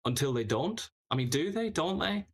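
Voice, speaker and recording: A man's voice: a little high, normal speed. Guy ranting on politics, sarcastic, voice bouncing all over. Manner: animated, sarcastic, mocking. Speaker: political commentary host. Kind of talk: casual political commentary.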